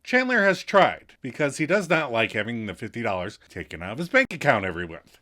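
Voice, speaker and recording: A man's voice: mid-range voice, sing-song, brisk, sharp tone. A man co-hosting a podcast, recapping a TV episode in casual chat, laughing often and adding wry asides. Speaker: podcast co-host.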